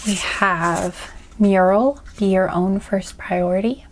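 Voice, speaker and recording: A woman with a mid-range voice takes her time during an easygoing tarot card reading, with slight background noise. Chatty and digressive, she keeps apologizing and teasing herself.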